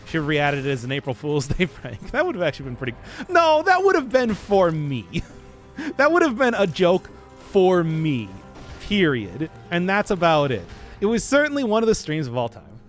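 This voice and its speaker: A young man rambles through live gameplay commentary, breaking into laughs and the odd curse. His voice runs high and lively, jumping up and down in pitch. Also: normal speed, faint music behind. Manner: rambling, laughs often, swears. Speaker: streamer.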